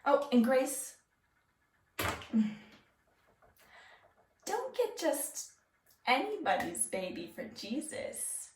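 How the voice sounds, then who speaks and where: A woman's voice: high-pitched, wildly swooping pitch, drawn-out words, pauses often, a little mellow, slight background noise, exaggerated voice. Woman playing a fussy pageant organizer. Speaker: theatre student performing a monologue. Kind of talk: stage monologue. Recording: roomy echo, mic far off.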